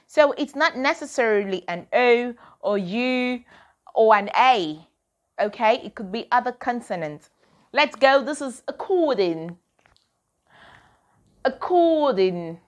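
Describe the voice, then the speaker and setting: A woman's voice: fairly high pitch, a bit bright. A woman teaching a pronunciation lesson to children. She drills words one at a time and asks and answers her own questions.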